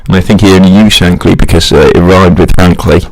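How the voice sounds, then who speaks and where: A man's voice: sits low, steady tone, fast. A young man rambling through a casual solo monologue, self-mocking and chuckling at his own jokes.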